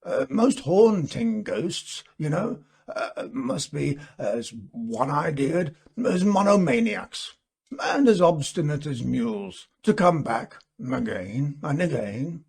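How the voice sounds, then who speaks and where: A man voicing an earnest gentleman telling his friends about a ghost, in a musing, hesitant way with many fillers. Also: a little high, lively intonation, slow pace, creaky, slightly rough, exaggerated voice. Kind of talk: storybook reading.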